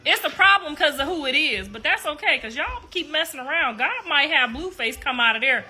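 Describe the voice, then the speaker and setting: A middle-aged woman hosting a casual livestream, croaky-voiced, talking loudly and laughing as she tells stories to viewers. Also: high voice, animated, fairly quick. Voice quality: croaky voice she likens to a frog. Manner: loud, laughing, storytelling, calls viewers y'all. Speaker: livestream host.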